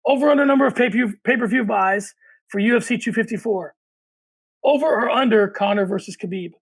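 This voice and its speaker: Male podcast co-host, high and gravelly, opinionated and runs the show. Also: fairly quick, poor audio. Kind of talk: casual sports chat.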